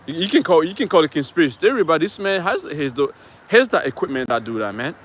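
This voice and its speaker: Preaching scripture on a live stream outdoors by traffic, a male street preacher rambles emphatically, swearing often and using plenty of fillers. His voice runs on the high side, with a fast, sing-song delivery.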